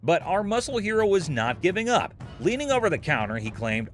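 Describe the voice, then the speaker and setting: A man's voice: high voice, sing-song, fairly quick, faint music behind. A man narrating a show recap in a scripted, playful, jokey storytelling manner.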